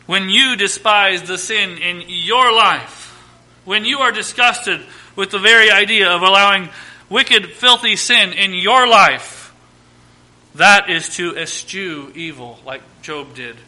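A man in his thirties preaches a sermon with a high, very bright voice. He hammers home lists and repeated phrases, then falls to quiet asides. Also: takes it slowly. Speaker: pastor.

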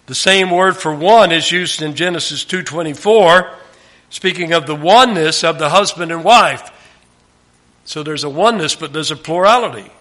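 Man, sermon, Bible teacher, emphatic, bright tone. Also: on the high side. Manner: emphatic, drops to a hush at phrase ends.

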